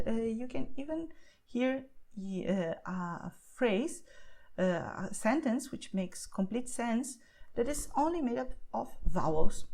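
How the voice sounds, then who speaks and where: A woman's voice: mid-range voice, a little mellow, low-quality recording. Brazilian-accented woman teaching a language lesson. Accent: Brazilian Portuguese. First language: Portuguese. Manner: explains patiently, often checks in with a questioning "okay?".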